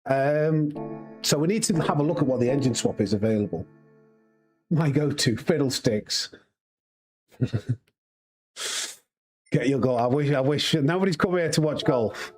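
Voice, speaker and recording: A man's voice: medium pitch, lively intonation, unhurried, long pauses, a little mellow, faint music behind. A man with a Yorkshire accent, a sim racing streamer chatting casually and rambling to his live chat while he plays. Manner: chatty, rambling, laughs easily.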